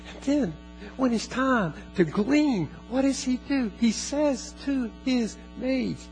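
A man preaching a sermon as pastor, earnest, repeating phrases and slowing down for emphasis. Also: very high voice, a little mellow, faint music behind, rough recording.

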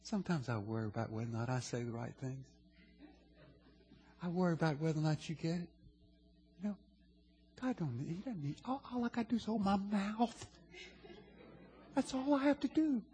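A man's voice: sits high, darkish tone, in a large hall, slight background noise. A man preaching a sermon as pastor, talking conversationally to his congregation and building to emphatic declarations.

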